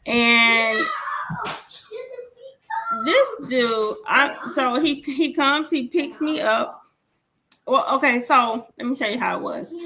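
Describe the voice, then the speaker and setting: A woman in her forties co-hosts a podcast, telling stories animatedly, acting out the dialogue and swearing freely in a casual chat. Her voice is fairly high-pitched with a sharp tone.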